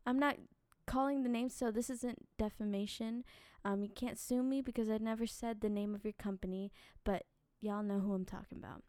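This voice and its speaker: A chatty, animated woman hosts a casual podcast with lots of fillers and asides. Her voice sits a touch high and sounds smooth, if slightly dry from little sleep. The room is quiet and dry, with no echo. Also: normal speed. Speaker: podcast host and singing teacher. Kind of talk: casual podcast rant and advice.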